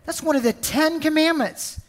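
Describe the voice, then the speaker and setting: A woman's voice: high voice, moderate pace. A woman preaching a sermon, emphatic and storytelling, often repeating words.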